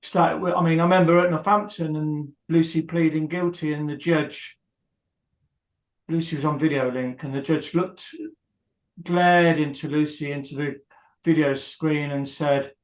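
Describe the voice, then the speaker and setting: A man being interviewed, talking hesitantly with many pauses and fillers as he rambles through what happened. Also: a little high, steady tone, roomy sound, rough recording. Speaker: guest, husband of a prisoner. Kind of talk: emotional interview.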